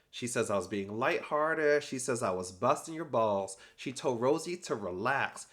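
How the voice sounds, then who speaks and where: A young man's casual reality TV recap is full of sass and energy, with impressions of what people said and slangy remarks. His voice is medium in pitch.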